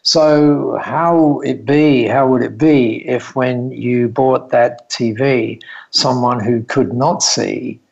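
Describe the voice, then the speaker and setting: A man voicing an earnest woman entrepreneur with a Japanese accent who speaks in slow, halting broken English. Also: medium pitch, steady tone, creaky, darkish tone, husky, lo-fi sound, full character voice. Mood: patient.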